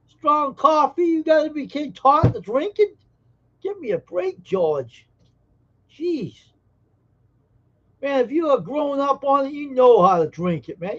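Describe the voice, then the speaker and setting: A man's voice: extremely high pitch, fairly bright tone, muffled recording. A man hosting a casual live stream, joking brashly and teasing viewers in chat. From Massachusetts.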